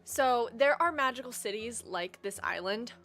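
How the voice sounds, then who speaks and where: A woman's voice: on the high side, lively intonation, moderate pace, fairly bright tone. A young woman hosting a live stream, chatting casually with lots of ums while explaining a story world. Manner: chatty, rambling, frequent ums. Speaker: livestream host. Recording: faint music behind.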